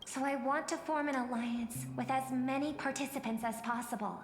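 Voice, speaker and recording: A woman's voice: high voice, fairly even intonation, moderate pace. An actress voicing an earnest, idealistic young woman in a video game, who speaks in a sincere, persuasive way. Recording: reverberant game audio over faint music.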